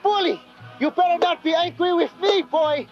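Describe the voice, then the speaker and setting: A man's voice: extremely high pitch, normal speed. An actor playing a whining local boy and his scolding dad in a comedy sketch clip. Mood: silly, pleading. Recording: dull lo-fi clip with music.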